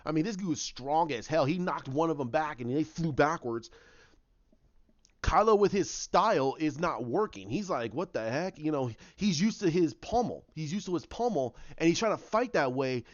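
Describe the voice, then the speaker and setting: A man's voice: fairly high pitch, lively intonation, normal speed, no room sound, muffled recording. A man casually retelling a story idea as a video creator, rambling with frequent restarts and repeated words.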